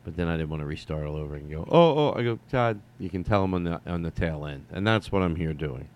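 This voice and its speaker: A man's voice: very deep voice, fairly even intonation, quick pace. A man rambling through a casual solo monologue to his viewers, digressive, with casual swearing and lots of fillers. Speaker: vlogger.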